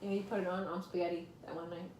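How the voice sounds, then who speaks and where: A woman's voice: on the low side, level tone, fast talker, darkish tone. A woman chatting casually in a home kitchen, teasing and blunt, laughing often. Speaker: vlogger. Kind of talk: casual chat. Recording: echoey room with noise.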